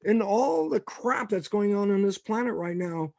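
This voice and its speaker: An older man speaks in a slightly high but dark, mellow voice with a gravelly edge. He tells his stories with animation and acts out what people said. The sound is dry and close. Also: normal speed, dry recording. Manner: animated storyteller, acts out quotes. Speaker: guest scientist. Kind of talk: storytelling in a podcast interview.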